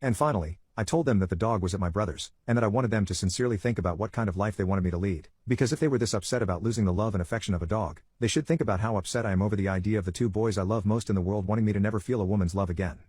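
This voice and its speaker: A man reading online stories aloud in a rapid, steady read-aloud delivery. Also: fairly low pitch, slightly rough, dry recording. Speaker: story narrator.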